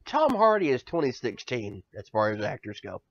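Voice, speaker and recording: A man's voice: mid-range voice, wildly swooping pitch, moderate pace, dry recording. A man co-hosting a podcast in casual banter, ranting with profanity and stammering repeats. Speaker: podcast co-host. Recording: dull lo-fi sound, dry.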